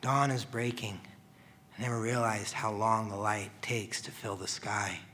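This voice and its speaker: A man, a firefighter, telling a personal story in the present tense, earnest and confessional, often dropping to a hushed voice. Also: on the low side, fairly even intonation, measured pace, a little hiss or hum.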